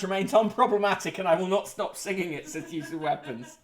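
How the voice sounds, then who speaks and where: A man's voice: sits high, expressive, a little fast. A man hosting a casual livestream, reading out newspaper headlines and chat comments with sardonic asides, swearing and frequent fillers. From United Kingdom.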